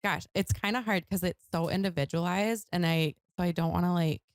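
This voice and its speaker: A young woman talks in a low, gravelly voice, candid and loose, full of filler words. Her sound is dry and close, as if into a handheld mic. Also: fairly even intonation, a little fast, no echo. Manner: candid, swears, heavy "like" fillers. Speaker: guest author. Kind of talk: casual podcast chat. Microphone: handheld microphone.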